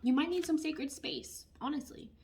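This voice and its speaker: Woman, tarot reader, casual chat, expressive, fairly high voice, hushed asides. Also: normal speed, a little hiss or hum. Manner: chatty and expressive, often dropping to a hushed aside. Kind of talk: casual tarot reading talk.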